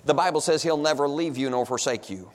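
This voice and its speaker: Male pastor mid-sermon, slightly high-pitched, emphatic, quizzing the pews, recorded in a reverberant sanctuary. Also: fast. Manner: emphatic, asks the congregation rhetorical questions. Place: church sanctuary. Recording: long hall reverb in a church.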